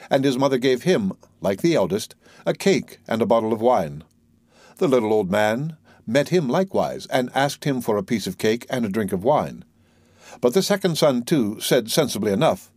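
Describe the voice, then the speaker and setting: An audiobook narrator reads a classic fairy tale in a measured, clear storybook manner. His middle-pitched voice has a darkish tone, and the recording is dry and close with no room sound.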